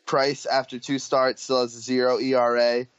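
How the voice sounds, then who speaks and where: A man's voice: mid-range voice, little pitch movement, normal speed, clear, resonant tone, dull audio. Casual man rattling off baseball stats. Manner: rattles off stats with filler restarts. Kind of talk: casual sports chat.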